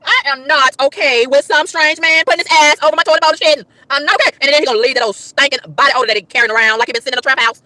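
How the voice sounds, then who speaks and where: A woman ranting to her livestream chat, emphatic and exasperated, with loud whoops. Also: high voice, fairly even intonation, rapid-fire, few pauses, dry recording. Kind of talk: casual livestream rant.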